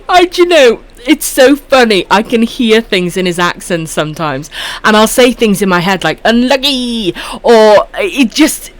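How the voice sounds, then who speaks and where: Lively, foul-mouthed Welsh woman streamer. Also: medium pitch. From Wales. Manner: chatty, swears freely, calls viewers love and sweetheart. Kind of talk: casual live-stream chat while gaming.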